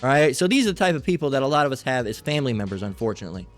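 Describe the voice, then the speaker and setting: A man preaching an informal sermon in a mid-range voice, blunt and often profane. He keeps circling back with "all right" and "okay" as he makes his points. Faint music sits low in the background. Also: big pitch swings, very fast.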